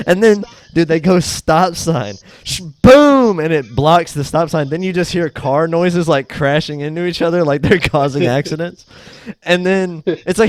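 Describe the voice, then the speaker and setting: With a voice on the high side and a moderate pace, a young man co-hosts a podcast, with no echo in the recording. He casually acts out sketches in silly voices, animated and swearing freely.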